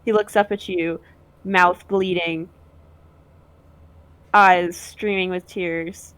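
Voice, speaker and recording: Brief: a woman running a tabletop game, unhurried delivery. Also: fairly low pitch, steady tone, a bit bright, clear, resonant tone, no echo. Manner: slow, halting narration with fillers. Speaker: game master.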